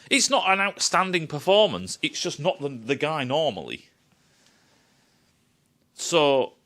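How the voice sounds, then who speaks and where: A man's voice: medium pitch, fairly bright tone. A young man ranting sarcastically about a film, swearing often and mocking the characters. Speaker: film reviewer. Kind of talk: casual ranting film critique.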